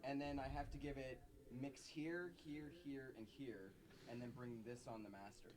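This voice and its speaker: A man's voice: medium pitch, fairly even intonation, moderate pace, distant mic, noisy background. A man running the sound board, playful and laughing often while he explains the setup. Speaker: sound engineer.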